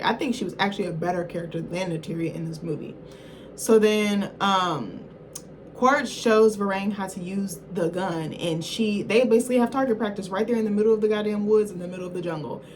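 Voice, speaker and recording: A woman's voice: medium pitch, slight background noise. A woman reviewer giving a casual film recap in a rambling, slangy, profane way, often correcting herself mid-thought.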